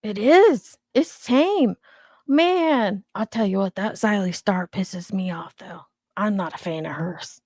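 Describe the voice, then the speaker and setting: A woman's voice: medium pitch, lively intonation, slow pace, a little mellow, no echo, studio quality. A woman in her thirties, hosting a casual livestream and chatting loosely while she reacts to viewer comments. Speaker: commentary channel host.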